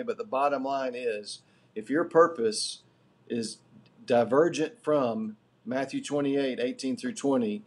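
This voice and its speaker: A middle-aged man lectures a live class with a husky, slightly rough voice. He builds each point deliberately and earnestly, teaching at an even, middle pitch. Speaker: guest lecturer.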